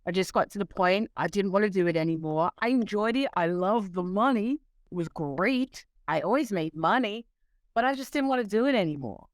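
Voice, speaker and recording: A woman interview guest telling stories in a lively way, acting out quoted voices. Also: mid-range voice, a little fast, no room sound. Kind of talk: storytelling in conversation.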